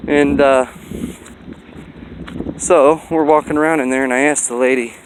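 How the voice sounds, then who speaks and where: Man, casual vlog, folksy and rambling, middle-pitched voice, faint traffic behind. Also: fairly even intonation, a little slow, poor audio. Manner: rambling, folksy, many fillers. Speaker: dog breeder vlogger. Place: outdoors by a busy road.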